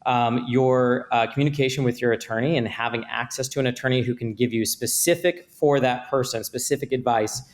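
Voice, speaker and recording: A man, an attorney guest on a podcast, explaining contracts and liability with measured, example-driven talk. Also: mid-range voice. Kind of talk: podcast interview.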